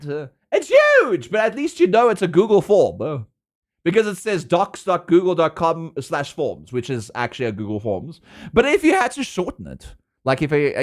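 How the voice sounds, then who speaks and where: A young South African man streaming, with a lively, swooping voice that sits a touch high. He chats casually with his viewers, playful and quick to laugh. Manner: chatty and giggly, laughs often, playful. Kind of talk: casual chat with a live stream audience.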